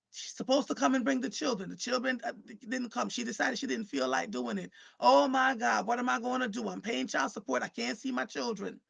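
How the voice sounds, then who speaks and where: A high-voiced woman with a gravelly sound hosts a live show for casual livestream talk. Animated and conversational, she speaks directly to viewers and guests and repeats words when starting a thought.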